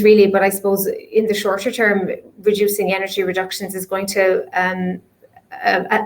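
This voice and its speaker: A woman speaking as a panelist in an online discussion, hesitant and restarting her sentences over a video call. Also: mid-range voice.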